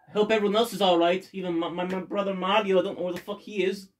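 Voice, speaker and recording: A gamer reading Luigi's game dialogue aloud, an excitable reunited hero who worries about his missing brother and swears casually. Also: medium pitch, fast, natural voice. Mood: relieved, worried.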